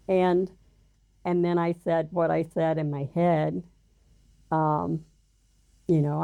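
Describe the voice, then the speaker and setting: An older woman recounting her life in an interview, halting and full of fillers and restarts. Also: deep voice, little pitch movement, gravelly, mellow, dry recording. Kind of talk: personal storytelling interview.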